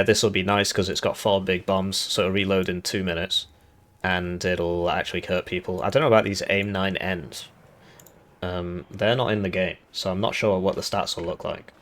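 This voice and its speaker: A man with a hoarse, slightly low voice talks through a strategy game review in a loose, rambling way. He thinks aloud, restarts sentences and fills pauses as he goes. It sounds like a casual voice-over recorded at a desk mic. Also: flat delivery, fairly bright tone. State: raspy voice. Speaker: gaming YouTuber reviewing a devblog.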